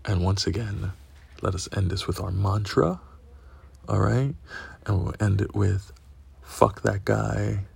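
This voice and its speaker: A man's voice: low-pitched, measured pace, long pauses, a little mellow. A young man hosting a podcast, telling a crude story in a profane, laughing, casual way. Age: young adult. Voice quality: gravelly, husky. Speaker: podcast host.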